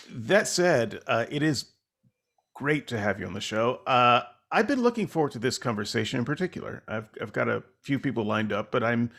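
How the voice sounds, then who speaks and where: A man with a gravelly, creaky voice hosts a podcast in a loose conversational style. He rambles and pokes fun at himself, and his speech is full of fillers and restarts. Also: mid-range voice, fairly bright tone. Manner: rambling, self-deprecating, with many fillers. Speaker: podcast host. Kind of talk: casual conversational interview.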